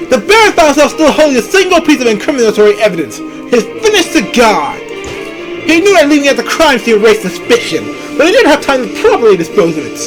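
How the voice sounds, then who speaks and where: A man's voice: very high voice, pitched above the performer's own voice, exaggerated voice, rough recording. A man voicing a confident bird defense attorney in a courtroom game, laying out an accusation theatrically.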